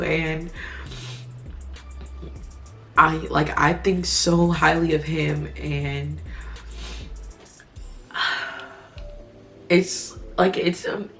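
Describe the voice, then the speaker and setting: A woman in her twenties telling a personal story to camera, chatty and gushing. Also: sits low. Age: 20s. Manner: chatty and gushing, with many fillers like "like" and "you know". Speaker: vlogger.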